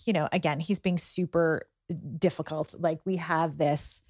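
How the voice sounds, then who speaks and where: A middle-aged woman, a guest on a chat show, telling animated stories about her son with exasperated asides. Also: low-pitched, a little slow, no echo, studio quality. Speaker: podcast guest, parent. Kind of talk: casual chat.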